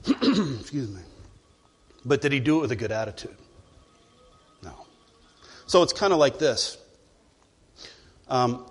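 A man's voice: mid-range voice, sing-song, takes it slowly, long pauses, slightly rough, big-room sound. A male pastor preaching a sermon in a church, emphatic and full of rhetorical questions. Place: church sanctuary.

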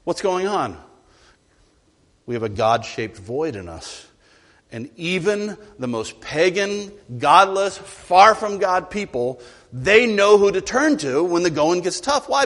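A man preaching a sermon as a pastor, animated, swinging between loud emphatic lines and quiet, low asides. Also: measured pace. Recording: long hall reverb.

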